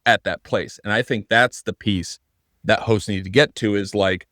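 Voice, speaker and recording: A man's voice: fairly low pitch, fairly even intonation, moderate pace, fairly bright tone, no room sound, studio quality. A man co-hosting a podcast in casual conversation, earnest and thinking aloud with frequent restarts. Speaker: podcast co-host.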